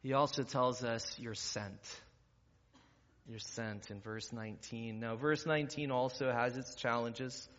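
This sermon comes from a pastor in a church sanctuary whose talk shifts from conversational to emphatic preaching. He has a mid-range, steady, somewhat bright voice and a measured pace, and the audio is muffled by the reverberant hall.

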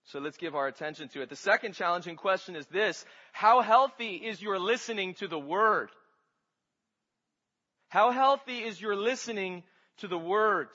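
A man's voice: sits high, moderate pace, pushed and bright, in a large hall, dull audio. A man pastor preaching a sermon, teaching his congregation with rhetorical questions.

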